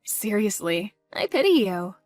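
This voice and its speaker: A woman's voice: medium pitch, big pitch swings, a little slow, a little mellow, dry recording, faint music behind. A woman voicing a scornful wife who confronts her cheating husband in a cold, mocking, cutting way. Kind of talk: voiced story drama.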